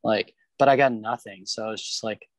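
A man's voice: fairly low pitch, steady tone, brisk, dry recording. Blunt, cursing man in casual talk. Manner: blunt, swears a lot, many fillers. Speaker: interview guest, rollerblader. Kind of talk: casual podcast interview. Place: porch in Kansas City.

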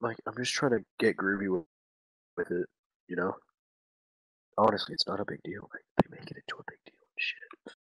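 A man doing a rambling, low-voiced slacker teen. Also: a little fast, pauses often, pushed and bright, dry recording, in a whisper, rough recording. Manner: rambling, crude, slacker drawl. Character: dim-witted crude eighteen-year-old boy. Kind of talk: improvised comic monologue.

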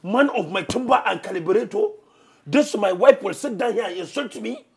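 A man's voice: sits high, moderate pace. A man playing a hot-tempered proud Hausa-accented husband. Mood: indignant. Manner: excitable, indignant, swears oaths, mixes Hausa and English. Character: hot-tempered proud middle-aged northern Nigerian husband. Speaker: husband on counseling show. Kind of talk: comic drama acting.

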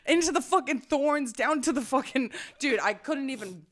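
A woman's voice: high voice, normal speed. Young woman animatedly telling a story. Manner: animated storytelling, swearing, shouted quotes. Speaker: podcast co-host. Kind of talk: casual podcast chat.

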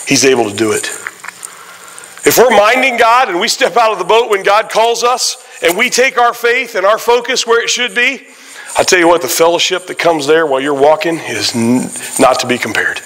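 A man preaching a sermon in a church, his voice pitched a little high for a man. His delivery is forceful and bright. He tells stories in an animated way, with frequent exclamations. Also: poor audio. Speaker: guest pastor. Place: church sanctuary.

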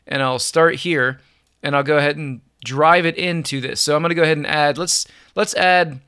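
A man giving an upbeat, relaxed music production software tutorial, chuckling now and then as he explains. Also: a little high, moderate pace, smooth, no echo, studio quality. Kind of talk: screen-recorded software tutorial.

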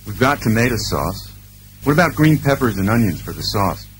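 A man's voice: fairly low pitch, big pitch swings, a little fast, a little hiss or hum, poor audio. A man acting out everyday dialogue lines for a language textbook recording, speaking in a plain conversational way. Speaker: dialogue actor in textbook audio.

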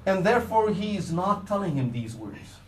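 A man's voice: high voice, sing-song, moderate pace, echoey room, slight background noise, low-quality recording. A man giving a sermon in English that he mixes with Arabic religious phrases, telling a story earnestly and dropping his voice for its saddest parts. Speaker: Islamic preacher.

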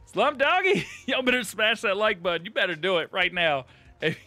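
Giggly high-voiced man streaming a farm game. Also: animated, normal speed, bright, forceful tone, dry recording, faint music behind. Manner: giggly, laughs constantly, reads chat aloud. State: giddy. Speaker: livestream gaming host. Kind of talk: casual live gameplay commentary.

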